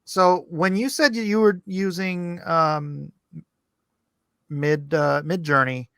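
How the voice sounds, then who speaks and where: A man guest in casual podcast chat, cutting in with quick, jokey remarks. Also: a little high, steady tone, a bit bright, clean tone, no room sound, clean studio sound.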